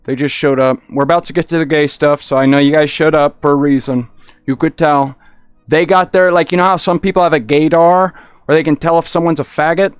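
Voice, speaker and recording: A man chatting casually on a livestream, rambling and excitable, often restarting his sentences. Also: a little high, fairly quick, clear, resonant tone, dry recording, soft background music.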